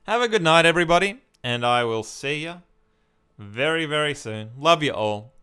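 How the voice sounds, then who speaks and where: A man's voice: a little high, expressive, normal speed, sharp tone, smooth. An Australian man from Victoria, chatting casually on a live stream as he reads and answers viewer comments.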